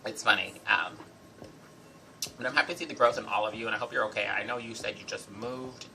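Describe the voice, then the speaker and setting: A man's voice: on the low side, fairly quick, vocal fry, pushed and bright, a little hiss or hum, rough recording. Sassy chatty young man, slight English lilt. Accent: American with a slight fading English lilt. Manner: chatty, sassy, with many "like"s and "you know"s. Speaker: regular member of a group vlog channel. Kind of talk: casual rant vlog.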